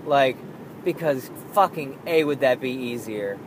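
A man's voice: mid-range voice, a little slow, noisy background. A young man talking candidly about being a parent, swearing freely and acting out his own frustrated outbursts. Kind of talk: casual monologue.

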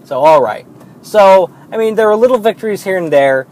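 A man's voice: high voice, lively intonation, brisk, darkish tone, poor audio. A young man, a new father, telling a rambling personal story in a casual, profane way.

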